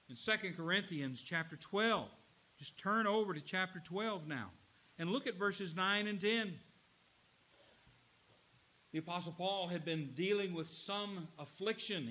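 A man preaching a sermon, earnest, slowing down to stress key lines. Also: high voice, bright, forceful tone, poor audio. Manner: earnest preaching, slows for emphasis. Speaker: pastor.

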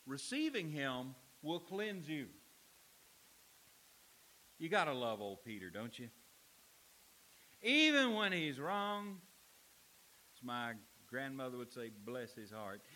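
A man preaching a sermon as pastor, with emphatic delivery, dramatic pauses and acted-out quoted lines. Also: a little high, sharp tone, rough recording.

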